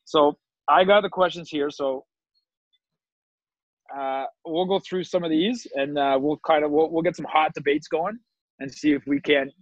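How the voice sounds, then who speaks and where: An easygoing man hosts a casual podcast and reads out viewer questions. His voice sits a little high. The sound is dull and dry. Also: moderate pace, no room sound. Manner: easygoing, joking moderator.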